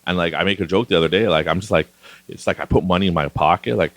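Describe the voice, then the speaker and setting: A man's voice: deep voice, quick pace, a bit bright, no echo. A middle-aged man from Canada hosting a podcast, rambling casually and laughing often as he talks. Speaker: podcast host. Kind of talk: casual monologue.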